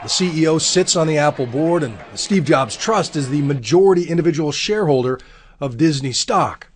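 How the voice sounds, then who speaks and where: A man reporting a news story, narrating in an earnest, measured way and then talking it over in the studio. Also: a little high, expressive.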